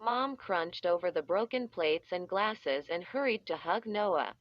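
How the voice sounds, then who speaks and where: A woman reading a children's story aloud in a deliberate way, stretching out the sound effects, with dull, slightly muffled audio. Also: lowish voice, animated. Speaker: audiobook reader. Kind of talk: scripted storybook narration.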